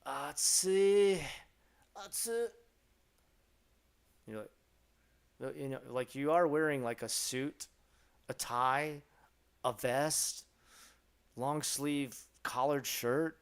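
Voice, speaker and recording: Male streamer, casual, gravelly voice, jokey, exaggerated pitch jumps when mimicking. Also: fairly even intonation, takes it slowly. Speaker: streamer answering chat. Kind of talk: casual live-stream chat.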